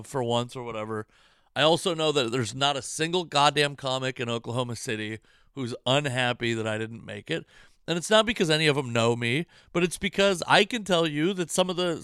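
A man's voice: fairly high pitch, a bit bright, clear, resonant tone, no echo, clean studio sound. A comedian hosting his own podcast, ranting casually in an exasperated, profane, rambling way about his bad week at home. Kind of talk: casual self-deprecating monologue.

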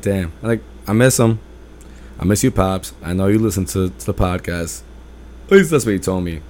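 A man with a lowish voice hosts his own podcast, telling personal stories in a casual monologue. He talks loudly and with emphasis. He rambles and restarts his sentences as he goes. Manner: loud-spoken and emphatic. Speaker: podcast host.

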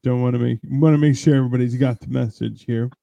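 A man hosting a podcast in a rambling, profane, excitable casual chat while high. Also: fast, creaky, no room sound, highs cut off. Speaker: podcast host.

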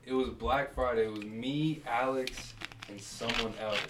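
A man's voice: medium pitch, steady tone, unhurried, roomy sound, noisy background. A man hosting a podcast in casual chat, talking in a laid-back, slangy way and calling people bro. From New Jersey.

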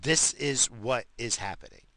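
A man's voice: mid-range voice, a little slow, sharp tone, no echo. A man, calling himself a stoner, ranting about conspiracies in heated, profane talk that keeps repeating itself. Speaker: self-described stoner.

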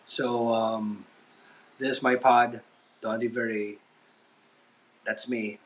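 A father hosting a casual solo podcast speaks slowly in a medium-pitched, level, fairly bright voice. He is at home in the kitchen washing dishes, talking hesitantly and self-consciously with many ums and restarts. The recording sounds rough.

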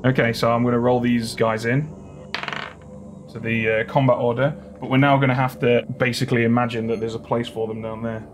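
A man narrates a tabletop fantasy game as its dungeon master. His voice sits at an ordinary middle pitch. He paints scenes calmly and walks players through the rules with patience. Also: fairly quick, background noise. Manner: calm descriptive storytelling, explains rules patiently.

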